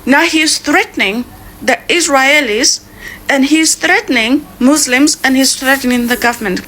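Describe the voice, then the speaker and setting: Bright high woman reporting commentary. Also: moderate pace.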